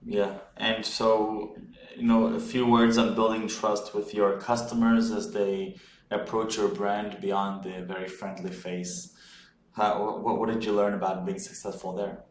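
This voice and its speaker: A man hosting a podcast, asking long halting questions and repeating words. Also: fairly low pitch, level tone. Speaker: podcast host. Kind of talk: interview questions. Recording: echoey room with faint noise.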